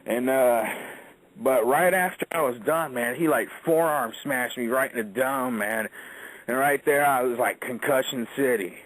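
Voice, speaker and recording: A man's voice: medium pitch, moderate pace, a bit bright, low-quality recording. A man, a wrestler, telling an in-ring story in a casual, profane interview, acting out quotes as he goes.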